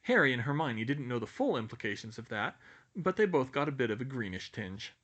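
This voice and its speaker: A man narrating an audiobook in a lively, expressive reading voice. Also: mid-range voice, brisk. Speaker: audiobook reader.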